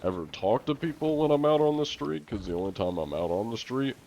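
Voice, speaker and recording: A man's voice: mid-range voice, lively intonation, a little fast, vocal fry, mellow, a little hiss or hum. A young man streaming, casually answering viewer questions in a loose, rambling way full of fillers and the odd swear word. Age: young adult.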